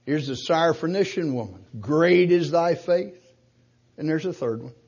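High-voiced husky preacher, lo-fi. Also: male voice, lively intonation, darkish tone. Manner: emphatic preaching, slows and rises to quote scripture. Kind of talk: sermon.

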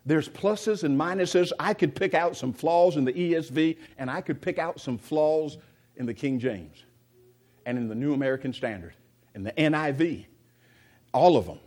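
A man's voice: fairly high pitch, expressive, normal speed, a little mellow. Conversational preacher man asking questions. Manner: conversational, asks the congregation questions; many restarts and repeated words. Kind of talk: sermon.

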